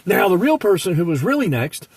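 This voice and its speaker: A man delivering a comic monologue in an animated way, slipping into the voices of the people he describes. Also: sits high, fairly quick, creaky, breathy edge, dry recording. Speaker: comedic storyteller.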